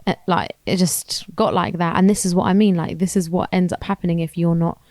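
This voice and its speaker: A woman's voice: on the low side, little pitch movement, fairly quick, darkish tone, dry recording. A young woman, co-hosting a casual podcast and telling a story in slangy chat, acting out what she said at the time. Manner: chatty storyteller, slangy, acts out her own past lines. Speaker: podcast co-host.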